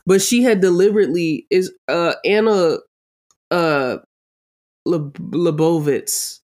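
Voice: medium pitch, takes it slowly, a little mellow. A podcast co-host in casual chat, emphatic, repeating points and swearing often.

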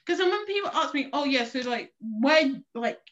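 A woman's voice: sits high, lively intonation, moderate pace, a bit bright, dull audio. A young woman from South East London, chatting frankly and casually and laughing easily. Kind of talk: casual chat.

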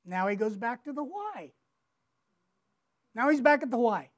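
A woman's voice: high voice, sing-song, measured pace, pauses often. A woman giving a devotional Bible teaching. She is emphatic, repeats her words, asks rhetorical questions and reads scripture aloud with feeling.

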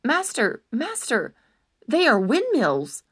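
A woman voicing a simple, worried peasant squire in a storybook reading, pleading and urgent, rising to shouts. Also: on the high side, big pitch swings, measured pace, voice pushed up, full character voice. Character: simple anxious peasant squire, earthy and practical.

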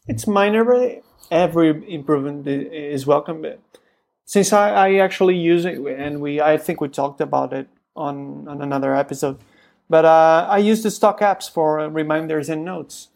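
A podcast co-host in their thirties in casual tech chat, often pausing and repeating words while thinking. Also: mid-range voice, vocal fry, a little mellow. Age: 30s.

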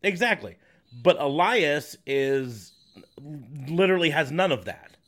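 A man's voice: a little high, sing-song, a little slow, a bit bright. Opinionated man talking wrestling. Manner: opinionated, argumentative. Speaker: podcast co-host. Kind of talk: casual wrestling chat.

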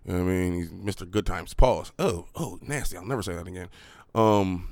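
Young male podcast host, deep and dry, rambling and swearing freely. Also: a little fast, gravelly, darkish tone, dry recording. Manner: profane, rambling, full of fillers and restarts. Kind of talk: casual podcast rant.

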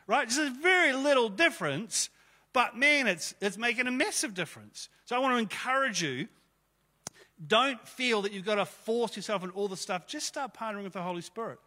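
A man preaches a casual sermon from a church stage, talking to his listeners like friends and slipping in jokes. His voice sits high and bright for a man. A long reverb from the hall trails after his words. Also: expressive, a little fast. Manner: chatty, jokey, conversational preaching. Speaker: pastor. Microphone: stage microphone.

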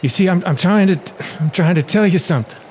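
A man's voice: high voice, quick pace, darkish tone, pitched above the performer's own voice, lightly acted. A man voicing a rugged, desperate frontier man who talks in old frontier speech, in a noisy home recording. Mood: urgent pleading.

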